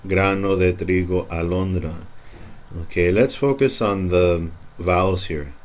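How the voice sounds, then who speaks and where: A man's voice: sits low, unhurried. A man teaching Spanish pronunciation in a recorded lesson, patiently repeating each word for practice.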